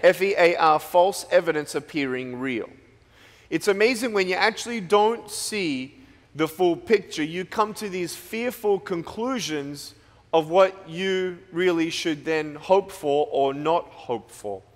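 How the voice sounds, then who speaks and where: With a slightly high voice and a somewhat slow delivery, an Australian man gives a playful motivational talk to students in a big school hall. He jokes freely and tells his stories with liveliness.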